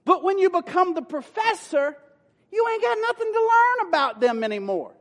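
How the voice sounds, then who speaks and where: High-voiced preacher in a reverberant church. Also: male voice, big pitch swings, normal speed. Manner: folksy, playful preaching with rising emphatic bursts. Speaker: pastor. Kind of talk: sermon. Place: church sanctuary. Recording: long hall reverb.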